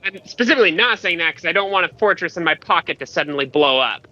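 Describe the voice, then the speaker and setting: A man plays a tabletop role-playing game and carefully explains what his character does. His voice is very bright and sharp with a slightly high pitch, and the recording sounds dull and lo-fi. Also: lively intonation, fast. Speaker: player. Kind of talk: casual tabletop play.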